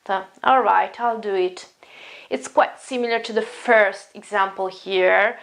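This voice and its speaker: A woman's voice: mid-range voice, fairly even intonation, unhurried, vocal fry, fairly bright tone. A woman with an Italian accent, explaining English vocabulary in an online lesson and often repeating herself as she restarts phrases. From Italy. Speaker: English teacher.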